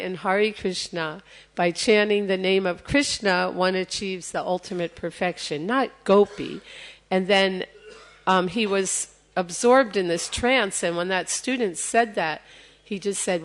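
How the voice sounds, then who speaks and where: A woman's voice: medium pitch, a little slow. A woman giving a sermon, telling a sacred story and acting out what the people in it say. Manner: retells scripture as lively story, acting out quotes. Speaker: temple speaker.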